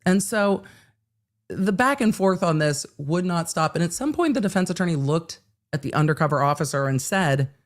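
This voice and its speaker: A woman hosts a casual livestream and tells courtroom stories with lots of swearing and animated acted-out quotes. Her voice sits a little low, and she talks in loose, restless bursts. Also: moderate pace. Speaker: legal commentary livestream host.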